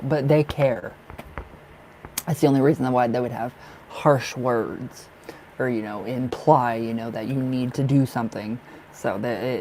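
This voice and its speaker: Young male tarot reader, chatty and rambling, warm low tone, light background hum. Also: rough recording. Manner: chatty, rambling, laughs often. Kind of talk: live stream reading.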